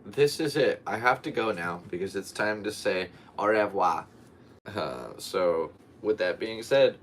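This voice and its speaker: A man's voice: on the low side, normal speed, a bit bright, a little hiss or hum. A young man hosting a solo podcast, worn out and yawning, rambling in a loose, goofy way. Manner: rambling and tired, with goofy voices and playful yelps. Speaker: podcast host.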